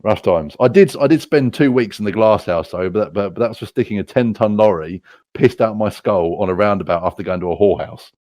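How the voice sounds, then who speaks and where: A man's voice: on the low side, brisk, darkish tone, no room sound. A British man telling rowdy stories casually, swearing a lot and laughing at himself. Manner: crude, profane, laughing at his own stories. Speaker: storyteller.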